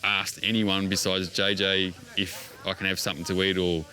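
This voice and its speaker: A man with a fairly low but bright, forward voice describes a trip. He hesitates often and fills his sentences with ums and likes. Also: level tone, normal speed. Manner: hesitant, filler-heavy storyteller. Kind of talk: casual recollection to camera.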